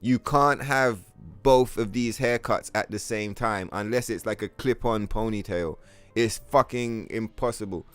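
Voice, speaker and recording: A man streaming a video game, chatting casually with his viewers in a profane, animated rant. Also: lowish voice, unhurried, smooth, soft background music. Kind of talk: casual live-stream chat.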